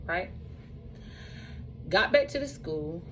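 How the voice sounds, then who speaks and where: A woman who runs a truck driving school tells her own story in a casual, animated way, repeating phrases for emphasis. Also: medium pitch, slow, slight background noise, low-quality recording.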